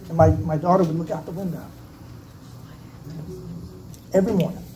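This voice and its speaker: A man's voice: on the high side, steady tone, normal speed. A man from South Carolina, an author giving a casual, joking talk about his writing. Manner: casual, conversational, joking asides. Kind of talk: personal storytelling speech. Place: event venue, indoors. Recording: roomy, distant mic, noisy.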